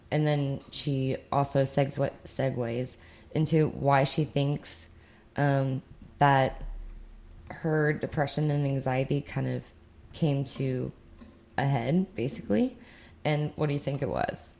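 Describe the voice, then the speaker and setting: A woman's voice: a bass voice, fairly even intonation, slow, creaky, darkish tone. A young woman from the United States co-hosting a podcast in casual, rambling chat with sarcastic asides. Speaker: podcast co-host.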